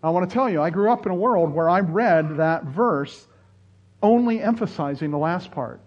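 A man preaching a sermon as pastor, earnest, often dropping into soft, quiet phrases. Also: high-pitched, animated, moderate pace, dull audio. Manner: earnest, preaching with dramatic drops to soft tones.

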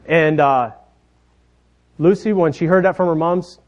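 A man in his thirties preaching a sermon, telling family stories in a folksy way, often dropping softer at the ends of his phrases. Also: a little high, unhurried. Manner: folksy storytelling, trailing off softly at phrase ends. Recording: dull lo-fi sound.

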